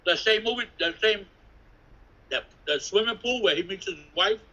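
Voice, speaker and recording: Husky, bright-voiced New man telling stories. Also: high voice, normal speed, muffled recording. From New York City. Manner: rambling, animated, acts out voices, swears. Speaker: interviewee, graffiti artist. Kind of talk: casual storytelling interview.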